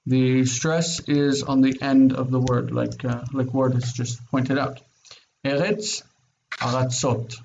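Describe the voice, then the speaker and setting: A man's voice: medium pitch, little pitch movement, unhurried, vocal fry, hardly any pauses, darkish tone. Man teaching Hebrew on a lo-fi call. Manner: explains patiently, repeats words, checks understanding with "okay?". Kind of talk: online grammar lesson. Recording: dull lo-fi sound with faint noise.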